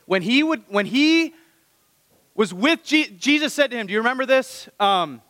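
Male pastor, bright and forceful, preaching with lively rhetorical questions; dry close mic with a long hall tail. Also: extremely high pitch, normal speed. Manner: animated, rhetorical questions to the congregation. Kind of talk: sermon.

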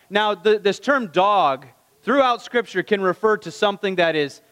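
A man's voice: sits high, animated, normal speed, fairly bright tone, clear, resonant tone, big-room sound. A man preaching a conversational sermon, asking the listeners rhetorical questions and acting out the lines of the people in the story. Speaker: pastor.

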